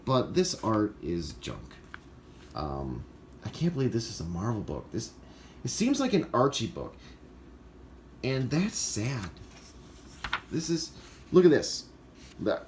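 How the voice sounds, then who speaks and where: A man's voice: mid-range voice, a little hiss or hum. A man reviewing a comic in a casual, scoffing rant, with many filler uhs. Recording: roomy echo, faint ambience.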